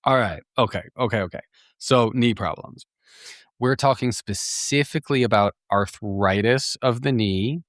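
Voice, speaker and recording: A podcast host tells a story in a casual monologue, chatty and animated, laughing often and restarting his sentences. His mid-range voice moves at a normal speed, and the recording is dry with clean studio sound.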